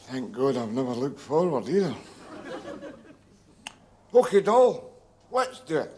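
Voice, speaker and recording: An actor playing a sardonic, wisecracking pub regular who is ill. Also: male voice, mid-range voice, big pitch swings, a little slow, dark tone, slight background noise. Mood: wry. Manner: wry, sardonic. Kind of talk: TV sitcom acting.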